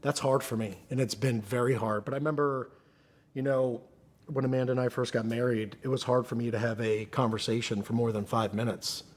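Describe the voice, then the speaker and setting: Male interview guest, mid-range voice, candid and halting delivery. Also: medium pitch, flat delivery. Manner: earnest, halting, restarts often. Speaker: podcast guest.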